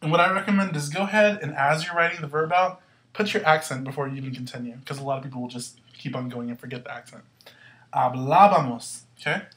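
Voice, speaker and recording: A woman's voice: deep voice, fairly even intonation, fast, fairly bright tone. A woman teaching a Spanish grammar lesson, upbeat and going through the verb endings step by step. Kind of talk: classroom-style grammar lesson.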